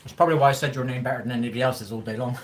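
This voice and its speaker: A man chatting casually on a live stream while eating, colloquial and quick to laugh. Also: medium pitch, fairly even intonation, background noise. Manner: chatty, laughs often, mouth full at times; colloquial, swears freely.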